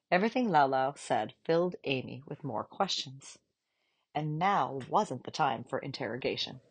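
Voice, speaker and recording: A woman reading a children's novel aloud in a calm, measured narration. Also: very deep voice, slightly rough. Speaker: audiobook reader. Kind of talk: storybook narration.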